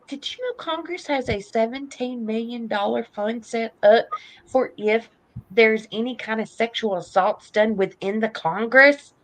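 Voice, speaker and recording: Heated woman in her fifties, ranting. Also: fairly high pitch. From United States. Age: 50s. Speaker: podcast host. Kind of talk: political opinion talk.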